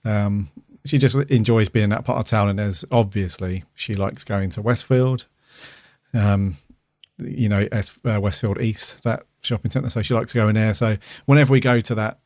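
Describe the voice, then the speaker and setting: A man's voice: lowish voice, fairly even intonation, normal speed, darkish tone, no echo, clean studio sound. A middle-aged man co-hosting a podcast, rambling casually with lots of fillers and restarts. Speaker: podcast co-host. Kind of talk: casual chat.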